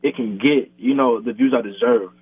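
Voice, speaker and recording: A young YouTuber with a mid-range voice chats at a moderate pace in a casual interview, filling gaps with "like" and "bro." Soft music plays in the background, there's no room sound, and the audio is thin, husky and dry, like a phone line.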